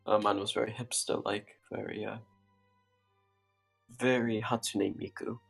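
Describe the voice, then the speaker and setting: A man's voice: lowish voice, level tone, unhurried, creaky, fairly bright tone, husky, faint music behind. A man playing in a tabletop game session, chatty and full of questions. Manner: chatty, asks lots of questions. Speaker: player. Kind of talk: casual tabletop game chat. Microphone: desk mic on a voice call.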